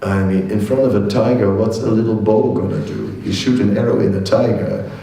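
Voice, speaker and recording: A man, a monk giving a scripture class, telling a fable in an animated way with chatty asides. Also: lowish voice, fairly quick, creaky. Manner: animated storyteller, acts out voices, chatty asides. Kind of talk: lecture storytelling. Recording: echoey hall from far off.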